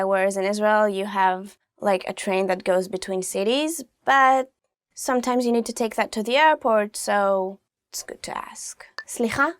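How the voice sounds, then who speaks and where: A woman's voice: medium pitch, no echo, studio quality. A young woman teaching useful travel phrases in a casual, chatty lesson, with frequent fillers like "like" and "you know.". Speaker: language teacher.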